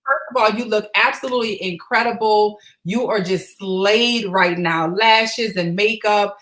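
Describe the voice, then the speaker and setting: A woman's voice: mid-range voice, unhurried, fairly bright tone. A woman hosting a late-night livestream, upbeat and chatty, rallying her viewers. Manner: upbeat, hype-building, calls out to viewers. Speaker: livestream host. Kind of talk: casual livestream chat.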